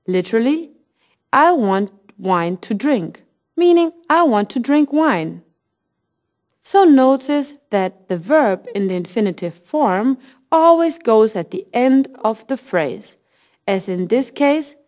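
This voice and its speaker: Slow, lively woman teaching a lesson. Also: on the high side. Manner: slow, clear, modelling phrases at half speed. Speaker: language teacher. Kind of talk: scripted lesson narration.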